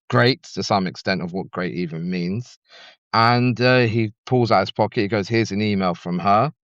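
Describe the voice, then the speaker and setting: Deep-voiced London man telling his story. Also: a bit bright, smooth, no echo, highs cut off. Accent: London English. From North London. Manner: halting, restarts often, speaks frankly with swearing. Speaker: podcast guest. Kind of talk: candid personal storytelling.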